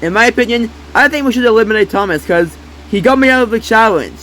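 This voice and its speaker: A man's voice: high-pitched, lively intonation, fast talker, bright, forceful tone, slight background noise, pitched above the performer's own voice, poor audio. A man voicing a whiny, competitive male plush toy contestant who grumbles bluntly. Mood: grumbling.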